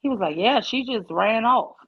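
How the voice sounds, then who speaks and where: New woman telling a story on a call, kinda husky, muffled lo-fi audio, lots of y'all. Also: fairly high pitch, normal speed. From New Orleans. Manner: animated, addresses listeners as y'all, acts out voices in her story. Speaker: participant sharing a personal story. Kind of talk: casual storytelling in a group call. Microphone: online call device.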